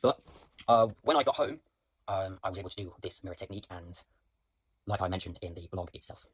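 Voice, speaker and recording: A man's voice: low-pitched, a little fast, slightly rough, no echo. A young man, a drama student, rambling through a reflective voice note on his acting practice, with many fillers and restarts. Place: indoors at home.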